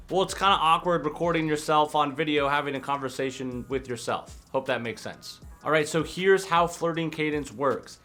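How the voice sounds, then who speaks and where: A young man, a dating coach, talking casually to camera in an advice vlog and slipping in quick acted example lines. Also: on the high side, fairly bright tone. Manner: conversational, acts out example lines in quick asides.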